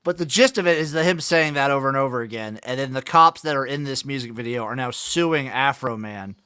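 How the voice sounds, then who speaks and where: A man's voice: medium pitch, a little fast, bright, forceful tone, smooth, dry recording, clean studio sound. A man co-hosting a casual sports livestream, teasing and joking while he follows the game. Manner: wry, teasing, laughs easily. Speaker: livestream co-host. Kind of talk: casual sports-watching banter.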